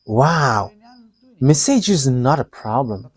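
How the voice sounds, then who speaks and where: A man preaching a live sermon, halting, with frequent pauses and fillers, and chuckling between statements. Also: medium pitch, animated, slightly rough, dry recording.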